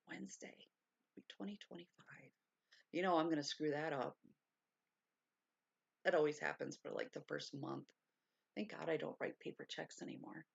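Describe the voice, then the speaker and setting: Gravelly husky woman vlogger, lo-fi. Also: sits low, no room sound. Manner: gushing, repeats herself, bursts of excitement; hushed at times to stay quiet. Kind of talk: casual livestream chat. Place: bedroom at home. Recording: dull lo-fi sound.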